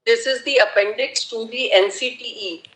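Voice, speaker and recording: A woman advocate argues formally before the bench, addressing it with set courtroom phrases. Her voice is high, bright and clear. It rings in a roomy courtroom. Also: moderate pace. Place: large courtroom.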